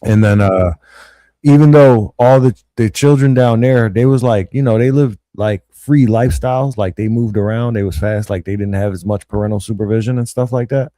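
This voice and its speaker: On a dry recording, a young man with a voice on the low side speaks at normal speed. He's a podcast host recounting school stories in casual slang, animatedly voicing what other people said.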